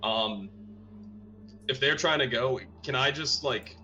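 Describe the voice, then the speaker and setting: A man's voice: mid-range voice, slow pace, pushed and bright, lo-fi sound. A man playing a tabletop role-playing game, talking casually with lots of fillers. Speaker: player.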